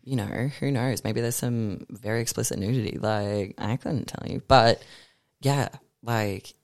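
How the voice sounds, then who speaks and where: A young man, chatting animatedly as a podcast guest, swearing freely and reading poems with slow force. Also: mid-range voice, steady tone, no echo, clean studio sound. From Australia. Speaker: guest artist and poet. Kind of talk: casual podcast chat.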